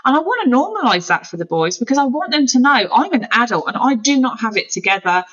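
Bright-toned woman, lo-fi sound. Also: fairly high pitch, very animated, fast talker. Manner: earnest, talks through her own parenting. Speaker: podcast guest. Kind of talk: candid conversational storytelling.

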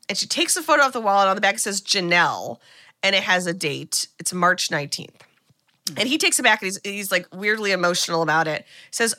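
A woman's voice: medium pitch, lively intonation, a little fast, sharp tone, no room sound, studio quality. A woman co-hosting a podcast, retelling a movie plot in casual, chatty talk full of "like" and the odd swear word. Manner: chatty, frequent "like", swears freely. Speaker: podcast co-host. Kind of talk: casual film recap chat.

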